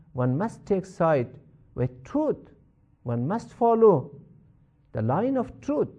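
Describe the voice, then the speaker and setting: Man, religious lecturer, warm dark tone, animated pitch, explains a verse step by step. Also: lo-fi sound. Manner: measured, repeats points for emphasis. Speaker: religious teacher.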